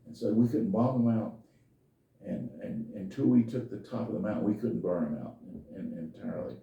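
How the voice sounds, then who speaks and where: A man's voice: lowish voice, a little fast, vocal fry, dark tone, highs cut off. An older man telling a personal story in a folksy, meandering, plain-spoken way as a podcast host. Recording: echoey room, distant from mic.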